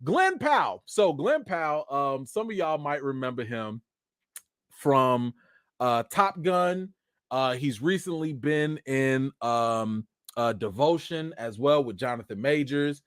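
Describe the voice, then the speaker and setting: Animated man telling stories on a stream. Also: mid-range voice, slow pace, no echo, studio quality. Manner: animated and self-mocking, with casual slang. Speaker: live stream host. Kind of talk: casual storytelling.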